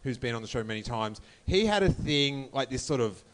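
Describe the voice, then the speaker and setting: A man's voice: mid-range voice, lively intonation, a bit bright. Wry man hosting a podcast. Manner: wry, joking, halting with fillers. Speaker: podcast host. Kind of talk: casual podcast chat.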